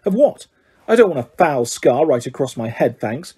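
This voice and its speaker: Man reading as arrogant schoolboy bully; scathing, sneering, mellow and husky. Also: a little high, big pitch swings, moderate pace, heavily acted.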